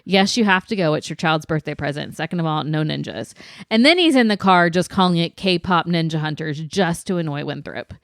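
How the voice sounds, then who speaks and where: Teasing, lively podcast woman. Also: low voice, brisk, no room sound, studio quality. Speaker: podcast co-host. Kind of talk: casual chat.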